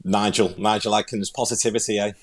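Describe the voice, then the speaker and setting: A man with a Liverpool accent talks football on a podcast, sitting a little low in pitch. He chats casually and rambles, doubling back over his words as he goes. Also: steady tone, fast talker. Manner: rambling, repeats words as he thinks. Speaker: podcast co-host and pundit.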